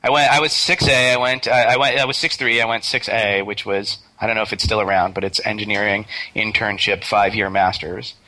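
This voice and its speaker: A middle-aged man in a casual interview, talking in a relaxed way and often stopping to restart a thought. His voice sits fairly low yet sounds bright and forward. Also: fairly quick, hardly any pauses, low-quality recording. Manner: relaxed, hesitant with many fillers and restarts. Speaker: interview guest, game developer.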